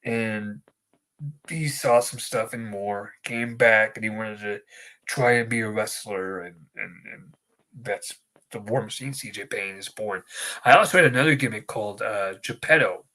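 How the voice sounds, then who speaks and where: A man's voice: fairly low pitch, normal speed, sharp tone. A man co-hosting a wrestling podcast, chatting casually and telling rambling, jokey stories. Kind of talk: casual chat.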